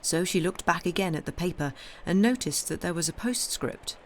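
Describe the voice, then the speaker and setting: A woman reading a classic novel aloud on a live stream, in a steady, measured storytelling voice with the odd small restart. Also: on the low side, slight background noise. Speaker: reader. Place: home streaming setup.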